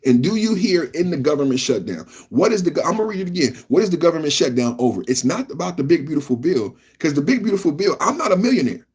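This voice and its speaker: A man hosting a live reaction podcast, ranting loudly, repeating himself and talking straight to his chat. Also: a little high, sing-song, fast talker, few pauses, husky. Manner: loud, repetitive, talks straight to chat. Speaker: podcast host.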